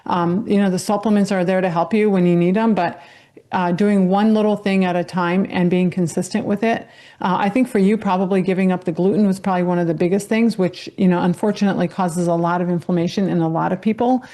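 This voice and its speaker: A woman's voice: lowish voice, steady tone, quick pace, mellow. A woman doctor appearing as a guest, patiently explaining health matters in casual chat.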